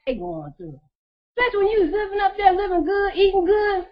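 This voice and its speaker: A woman's voice: very high voice, huge pitch swings, quick pace. A woman telling her story casually to her viewers, blunt and profane, laughing often. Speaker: vlogger. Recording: dull lo-fi recording.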